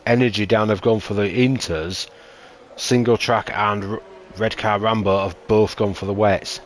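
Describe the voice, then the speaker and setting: A man commentating a sim racing league race, calling tyre strategy in a steady, analytical way. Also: fairly low pitch, normal speed, slight background noise.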